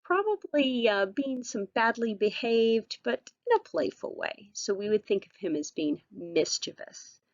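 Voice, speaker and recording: A woman's voice: fairly high pitch, big pitch swings, a little slow, hardly any pauses, no room sound. Woman teacher doing a vocab lesson, patient and encouraging, lots of ums, kinda muffled lo-fi audio.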